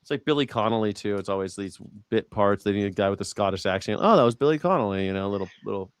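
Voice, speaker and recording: A man's voice: lowish voice, animated, quick pace, clean tone, no room sound, clean studio sound. A man hosting a livestream, chatting casually and reading viewer comments aloud with a rambling delivery. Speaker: livestream host. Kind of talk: casual political chat.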